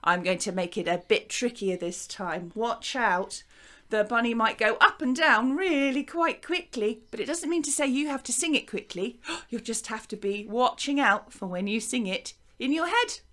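A woman teaching a recorded music lesson for young children, lively and encouraging in a sing-song teacher voice. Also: fairly high pitch, moderate pace. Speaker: primary school teacher.

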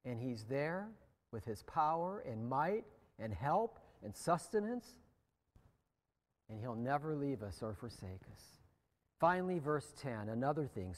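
An American man preaching a sermon as pastor, slow and deliberate, letting phrase endings drop quiet. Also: medium pitch, big pitch swings, in a large hall. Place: church sanctuary.

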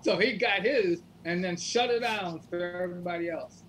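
A blunt, indignant man from Texas speaks on a panel chat in a voice a little higher than most men's. A faint hiss sits behind him. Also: moderate pace, fairly bright tone.

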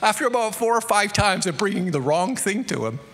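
Australian male pastor, bright sharp tone, reverberant church hall, storytelling sermon. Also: high voice, animated. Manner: conversational, storytelling, quickening to emphatic peaks.

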